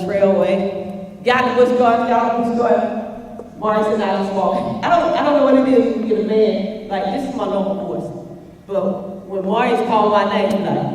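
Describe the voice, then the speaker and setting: A woman's voice: medium pitch, slight background noise. A woman telling a playful, joking story while speaking to students. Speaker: motivational speaker. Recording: echoey hall from far off.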